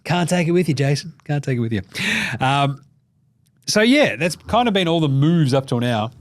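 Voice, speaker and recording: A man's voice: on the high side, expressive, moderate pace. A man hosting a podcast in casual sports talk, joking, swearing, and slipping into mock voices. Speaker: podcast host.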